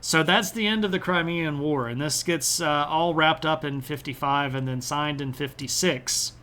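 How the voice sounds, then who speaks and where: A man's voice: on the high side, normal speed, pushed and bright. A man giving a casual, chatty history lecture on a live stream, with frequent "uh" and "um" fillers. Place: home streaming setup.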